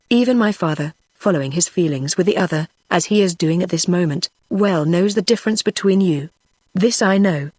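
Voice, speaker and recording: A computer voice reading as an impetuous young frontier woman, earnest and warm-hearted, from an old storybook, with a middling pitch and a dry, close sound. The delivery stays even and machine-made. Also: dry recording, lightly acted.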